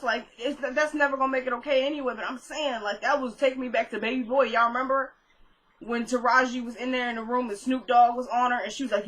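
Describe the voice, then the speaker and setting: A young woman chatting through a casual recap of a TV episode, retelling scenes in an animated way with lots of fillers. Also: fairly high pitch, fast, low-quality recording. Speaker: TV episode reviewer.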